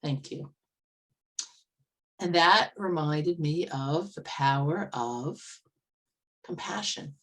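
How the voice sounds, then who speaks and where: Low-voiced woman coach telling a story. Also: takes it slowly, a bit bright. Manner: earnest, conversational, with vivid retellings. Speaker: motivational speaker and life coach. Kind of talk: storytelling talk at an online meetup. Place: old farmhouse, indoors.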